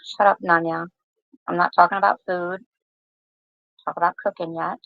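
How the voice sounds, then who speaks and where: Gravelly low-voiced woman livestream host. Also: level tone, normal speed, no echo, narrow, tinny audio. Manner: chatty and teasing, talks to chat. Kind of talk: casual livestream chat.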